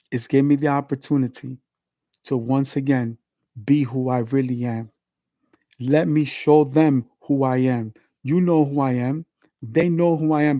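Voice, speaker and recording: Man, mid pitch, warm low-key tone, leading a pleading livestream prayer. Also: dry recording. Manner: earnest, pleading, repetitive litanies. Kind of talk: spoken public prayer.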